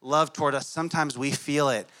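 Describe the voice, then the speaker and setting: A man's voice: mid-range voice, fairly even intonation, brisk, a bit bright, smooth. A man, likely a father in his thirties, preaching a conversational sermon to his congregation and weaving in stories about his young children. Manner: conversational, tells family stories. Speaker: pastor.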